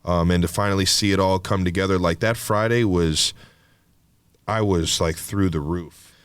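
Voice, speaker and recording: A man's voice: sits low, steady tone, moderate pace, clean tone, no echo. A man co-hosting a podcast, talking in a rambling, casual way full of fillers and swearing. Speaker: podcast co-host.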